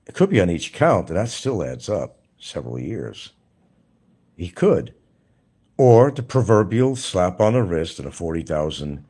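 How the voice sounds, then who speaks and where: A man's voice: low-pitched, darkish tone. A man hosting a live stream, talking casually in a blunt, mocking way to his viewers. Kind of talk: casual livestream monologue.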